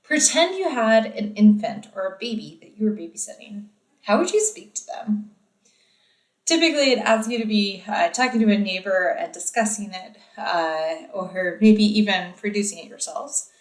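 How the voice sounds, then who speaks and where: A woman's voice: medium pitch, animated, normal speed, roomy sound, distant mic, low-quality recording. A woman giving a recorded lecture in a casual, explanatory way with frequent ums and uhs.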